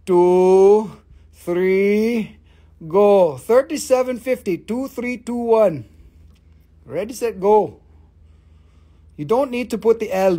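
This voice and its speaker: Husky, excitable woman selling rocks live. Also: fairly low pitch. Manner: excitable, profane, rapid countdowns. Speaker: live-stream rock and mineral seller. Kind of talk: live online sales show.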